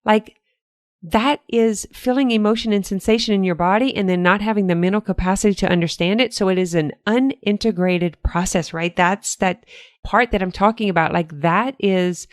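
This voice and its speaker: A woman's voice: mid-range voice, moderate pace, dry recording, studio quality. An older woman hosting a solo podcast, talking in an earnest, encouraging way with repeated motivational phrases. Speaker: podcast host.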